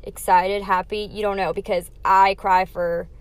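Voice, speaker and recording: A woman's voice: mid-range voice, flat delivery, a little slow, smooth. A young adult woman hosting her own podcast, talking candidly through a numbered list of life lessons in a casual, emphatic way. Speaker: podcast host.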